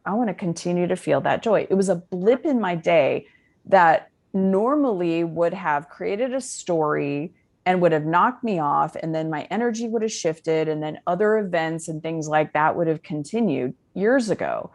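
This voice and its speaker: Female life coach guest, earnest and chatty, lowish pitch. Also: lively intonation, moderate pace, darkish tone. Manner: earnest, talks in spiritual self-help terms with many fillers. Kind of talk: podcast interview conversation.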